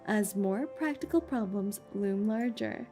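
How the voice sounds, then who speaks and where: A woman's voice: medium pitch, lively intonation, unhurried, mellow, soft background music. A woman streaming a game playthrough. She chats playfully with her viewers, giggles often, and reads the story text aloud.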